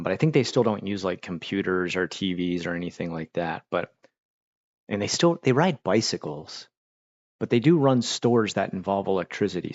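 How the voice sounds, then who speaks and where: A man's voice: deep voice, no room sound, muffled recording. A man from Pennsylvania hosting a casual livestream, rambling and chatting while he eats. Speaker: livestream host.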